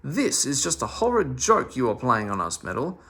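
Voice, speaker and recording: Brief: man playing a cross storybook lady, scolding, raised and gravelly. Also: high-pitched, big pitch swings, brisk, a bit bright, voice pushed up, full character voice. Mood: angry, scolding. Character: cross, suspicious woman shopper. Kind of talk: storybook read-aloud.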